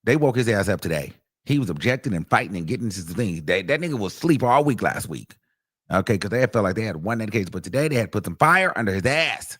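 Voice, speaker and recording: A man hosting a casual commentary stream, talking in a chatty, animated and profane way, with lots of fillers. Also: on the low side, quick pace, husky. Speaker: host.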